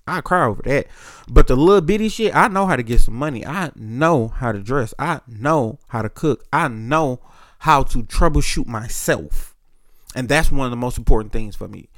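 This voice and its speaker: A young man talks straight into a close, dry mic with no room sound, his pitch sitting in an ordinary middle range. He tells stories in a loose, laid-back way, swearing freely and using lots of street slang, and he drops into quick voices of the people he quotes. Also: no echo. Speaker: podcast host. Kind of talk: casual storytelling monologue.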